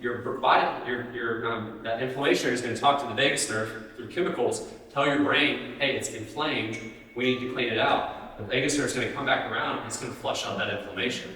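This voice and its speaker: A man's voice: medium pitch, quick pace, hardly any pauses, pushed and bright. A man giving a live health talk, speaking conversationally and often putting questions to the audience. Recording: roomy hall, distant mic.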